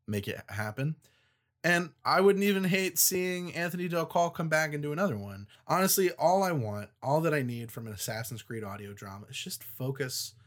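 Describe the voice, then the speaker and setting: A man co-hosting a casual review podcast, voicing firm opinions in a middle-pitched voice. He talks in a relaxed, chatty way and laughs easily. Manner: opinionated, critical, laughs often. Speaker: podcast co-host.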